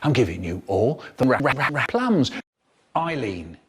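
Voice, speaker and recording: Lively man telling comic stories. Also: normal speed, breathy edge. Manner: animated storytelling with wild pitch jumps. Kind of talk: comic spoken-word collage.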